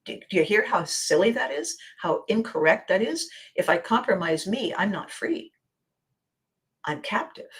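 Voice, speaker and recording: A woman hosting her own podcast, speaking a reflective motivational monologue with slow, deliberate phrasing and drops into near-whispers. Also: medium pitch, expressive. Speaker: podcast host.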